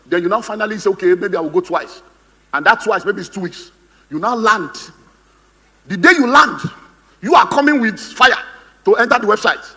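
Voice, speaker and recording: A man's voice: high-pitched, animated, normal speed, long pauses, pushed and bright, big-room sound. A man with a Nigerian English accent, giving a humorous, theatrical seminar talk as a motivational speaker, acting out the voices he quotes. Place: conference hall on stage.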